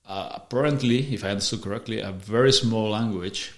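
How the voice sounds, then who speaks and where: In a roomy, echoing recording, a man hosting a podcast talks briskly in a lowish, fairly bright voice. He explains ideas conversationally, frequently restarting sentences and repeating words.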